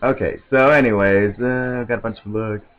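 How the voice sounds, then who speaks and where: A man giving casual, excitable gameplay commentary, rambling to himself and often stammering over restarts. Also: fairly low pitch, moderate pace, clear, resonant tone, phone-quality sound, faint music behind. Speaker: let's play commentator.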